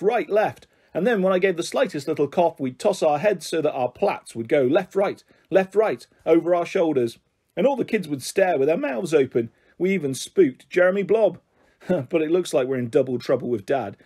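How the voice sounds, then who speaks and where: A man reading a children's novel aloud in a lively, expressive storytelling manner. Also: fairly high pitch, slightly rough. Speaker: audiobook reader.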